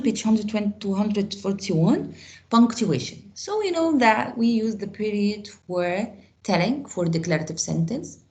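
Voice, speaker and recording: A woman's voice: mid-range voice, darkish tone, low-quality recording. Egyptian-accented female teacher, online class over a call mic, patient explainer with frequent restarts. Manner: repeats words, restarts phrases while explaining. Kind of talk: online grammar lesson.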